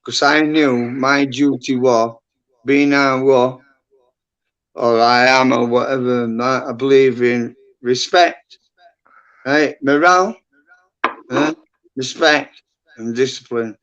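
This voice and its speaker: A man's voice: medium pitch, fairly even intonation, slow pace, pauses often, a bit bright. A middle-aged man, rambling bluntly and swearing a lot as a guest in casual livestream chat. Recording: dull lo-fi stream audio.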